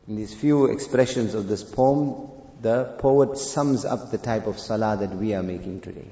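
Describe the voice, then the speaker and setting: A man preaching a sermon, telling a story and reciting Arabic verse, rising to loud emphatic peaks. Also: lowish voice, moderate pace. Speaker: Islamic preacher. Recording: echoey hall, dull lo-fi sound.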